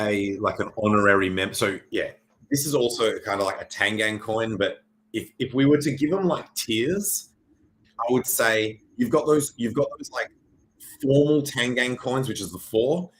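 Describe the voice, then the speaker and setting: A man's voice: mid-range voice, measured pace, fairly bright tone, slight background noise, low-quality recording. An Australian man hosting a livestream, talking through crypto charts in a rambling, jokey and profane way. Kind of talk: casual livestream chart commentary.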